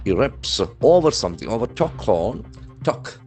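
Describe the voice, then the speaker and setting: With faint music behind him, a man with an Indian English accent delivers a news vocabulary lesson in an unhurried, sing-song voice of medium pitch and darkish tone. This English trainer spells each word letter by letter and repeats it with heavy stress.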